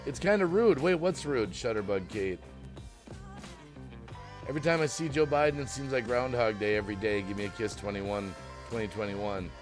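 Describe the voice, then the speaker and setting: A man hosting a casual livestream, greeting viewers by name, reading chat aloud and rambling as he thinks out loud. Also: lowish voice, moderate pace, over music. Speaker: livestream host.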